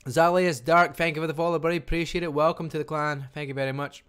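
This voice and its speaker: A Scottish man casting a live online strategy game match, talking fast and chattily and barely stopping for breath. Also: on the high side, steady tone, a bit bright, smooth. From Scotland. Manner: fast, chatty, talks without pausing. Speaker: game caster. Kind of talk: live esports commentary.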